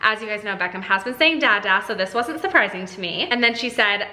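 A woman vlogging at home as a mother, talking excitedly and directly to her viewers. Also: mid-range voice, fairly quick. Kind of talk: casual chat to camera. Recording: roomy echo.

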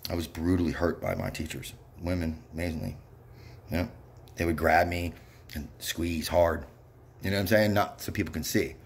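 A man's voice: low-pitched, lively intonation, normal speed, creaky, a little hiss or hum. A man delivering an angry, rambling monologue, bitter and profane, with frequent muttered asides. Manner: bitter, profane, ranting with repeated yeps.

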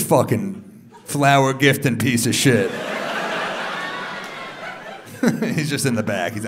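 A man in his thirties doing stand-up crowd work on a club stage, teasing audience members with quick, profane banter. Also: medium pitch, animated, noisy background. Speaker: stand-up comedian. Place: large comedy club stage before a live audience. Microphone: handheld stage mic. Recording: live club recording with crowd laughter.

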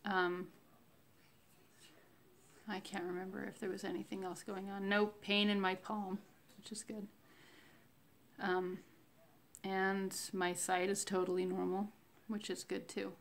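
Slow-talking woman with a gravelly fry. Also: mid-range voice, little pitch movement. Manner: slow, reflective, devotional, with many fillers. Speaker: vlogger sharing a fasting diary. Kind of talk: casual spoken faith diary.

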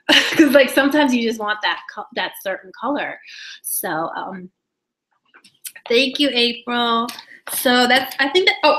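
A young woman hosting a casual live beauty giveaway stream, chatting excitedly with viewers, laughing often and trailing off mid-sentence. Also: on the high side, rough recording. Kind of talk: casual live-stream chat reading comments.

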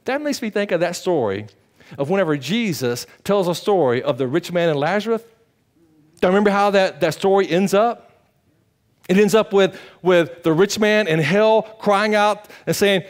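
Animated preacher, high-pitched. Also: male voice, normal speed. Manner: animated preaching, swinging from loud highs to hushed lows. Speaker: pastor. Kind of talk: sermon.

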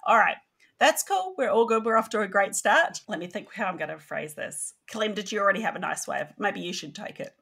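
Bright-voiced woman podcast host. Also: mid-range voice, expressive, brisk, vocal fry, breathy edge. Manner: upbeat, laughs off slips. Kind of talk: scripted podcast intro and casual chat.

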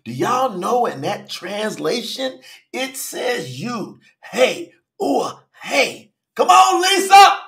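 A man leads a livestream sermon with a strikingly high, bright voice, calling out viewers by name. He swings between shouting and murmuring, and the room rings with echo. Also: big pitch swings, drawn-out words. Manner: fervent, calls out to viewers by name. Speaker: preacher hosting a live Bible study.

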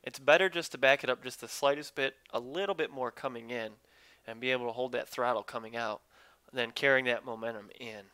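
A man's voice: mid-range voice, a little fast, sharp tone, clear, resonant tone, no echo. A man commentating his own online racing game live, chatting with viewers while he drives. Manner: upbeat, talks to chat while driving.

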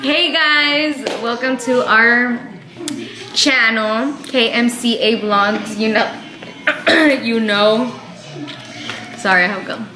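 A woman's voice: fairly high pitch, slow, pauses often. A young woman co-hosting a casual vlog, chatty and giggly, with lots of "you know" fillers. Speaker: vlog co-host. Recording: echoey room.

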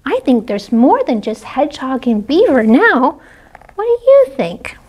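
A woman librarian reading picture books aloud at a children's story time, animated and pausing to talk to the kids. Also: high voice, breathy edge. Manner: animated, talks to kids between pages. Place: public library.

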